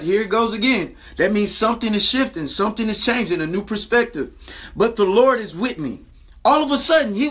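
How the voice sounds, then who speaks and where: A man preaching a Bible lesson to camera in his daily video, stressing scripture lines slowly and checking in with "right?". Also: high voice, a bit bright. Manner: emphatic, repeats phrases and asks "right?".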